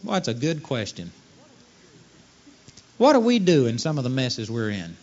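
A man's voice: medium pitch, wildly swooping pitch, moderate pace, a little mellow. A man preaching a sermon, telling stories and acting out the voices of the people in them. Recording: dull lo-fi sermon recording.

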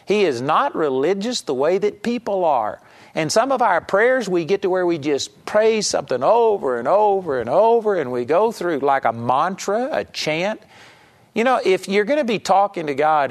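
A man with a Texan accent giving an earnest, folksy sermon as a Bible teacher. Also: a little high. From Texas. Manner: folksy and earnest, acts out mock prayers. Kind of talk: conversational sermon.

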